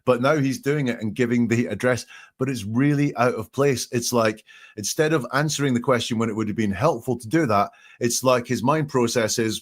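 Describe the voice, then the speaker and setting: A man's voice: mid-range voice, a little fast. A man hosting a live podcast, thinking aloud with frequent ums as he analyzes quoted statements step by step. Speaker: podcast host analyzing language.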